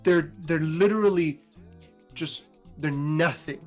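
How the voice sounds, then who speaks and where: A man casually retelling fantasy game lore in a chatty way, full of fillers and sudden pitch jumps. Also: moderate pace, faint music behind. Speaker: lore storyteller.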